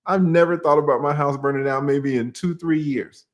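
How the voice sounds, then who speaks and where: A man's voice: on the high side, normal speed. A man with a Southern accent from Georgia, an attorney guest in a casual livestream chat, laid-back and asking rhetorical questions.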